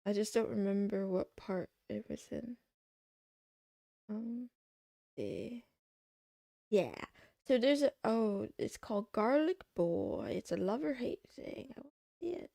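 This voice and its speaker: A woman livestreamer chatting casually to her audience, rambling and excitable, tossing in meows between remarks. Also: medium pitch, slow, vocal fry, pauses often, dry recording, studio quality. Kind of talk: casual chat to a live audience.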